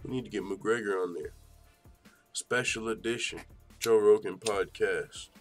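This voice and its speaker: A man hosting a mixed martial arts news show, talking casually in an animated, slangy and profane way and often laughing. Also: on the low side, measured pace, faint music behind. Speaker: MMA news show host. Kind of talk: casual commentary.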